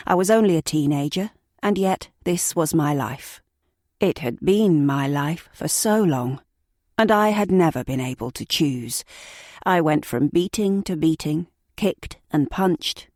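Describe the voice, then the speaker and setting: Woman narrator, low-pitched, very slow and measured, dry close sound, true crime audiobook. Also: a little mellow, no room sound. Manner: slow, measured, sombre reading.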